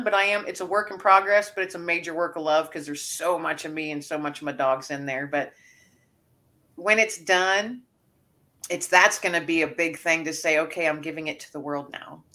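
Brief: woman author guest, lowish bright voice, chatty and earnest storyteller. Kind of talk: casual podcast interview.

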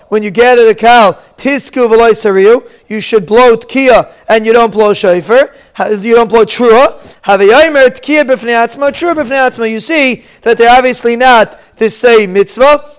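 A man's voice: extremely high pitch, clear, resonant tone. A man teaching a Talmud lesson in English, reading Hebrew and Aramaic with an Ashkenazi pronunciation and explaining each phrase.

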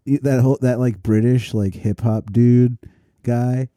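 A man's voice: mid-range voice, steady tone, unhurried, mellow, no room sound, studio quality. A man co-hosting a podcast, blunt and crude in his casual reactions. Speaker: podcast co-host.

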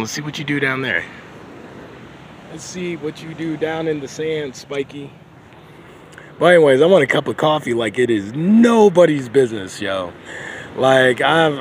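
A man's voice: mid-range voice, fairly bright tone, slight background noise. A man recording a casual video journal outdoors on a beach, talking in a rambling, profane, laid-back way into a phone held at arm's length.

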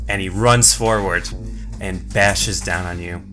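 A man narrating as game master of a tabletop game, relaxed and chuckling. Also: deep voice, slow pace, faint music behind.

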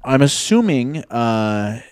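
Male podcast host, mid pitch, dry close sound, blunt. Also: sing-song, slow, clean tone, no room sound. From United States. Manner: blunt, sweary, reads captions aloud. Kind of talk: casual podcast chat.

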